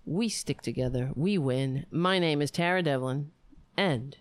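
A woman's voice: low voice, a little slow, no echo. A woman hosting her own show, chatting casually to the camera in a rambling, heartfelt way that often breaks off mid-sentence. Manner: rambling, self-interrupting, heartfelt. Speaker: show host. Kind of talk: casual direct-to-camera chat.

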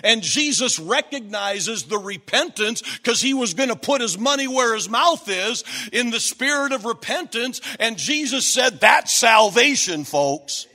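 High, bright-voiced man preaching slowly. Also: animated. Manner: emphatic, rising to shouts at key points; repetitive, stacked phrases. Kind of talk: sermon.

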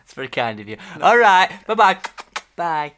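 A polite elderly gentleman, genteel and gently rambling, as a man does the impression. His voice lilts up and down with a bright, forward tone. He laughs softly to himself between phrases. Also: high voice, big pitch swings, normal speed, slight background noise, voice pushed up, heavily acted. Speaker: comedy guest impression.

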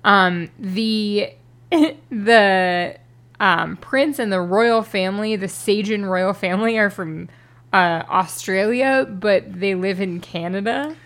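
A woman's voice: medium pitch, slow pace, a bit bright. A woman co-hosting a podcast about a book, talking in a wry, casual way with frequent laughs and hesitant "um"s. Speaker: podcast co-host reviewing a book. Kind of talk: casual chat.

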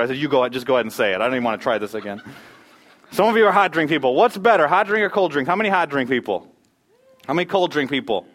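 A man's voice: mid-range voice, fairly bright tone. A man preaching as pastor, moving from church announcements and prayer to a joking game that quizzes the congregation. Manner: upbeat, joking, quizzes the crowd. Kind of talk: church announcements, prayer and playful audience sermon opener.

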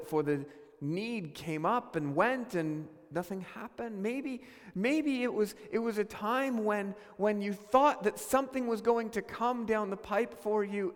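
High-voiced male preacher in reverberant hall. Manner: earnest, questioning, with many restarts. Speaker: pastor. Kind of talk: sermon.

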